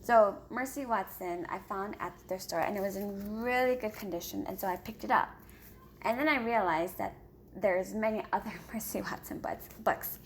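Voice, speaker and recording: A woman chatting casually on camera as a homeschooling parent, hurried and rambling with many filler pauses. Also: mid-range voice, a little hiss or hum. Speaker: homeschooling parent reviewing books. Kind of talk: casual vlog chat.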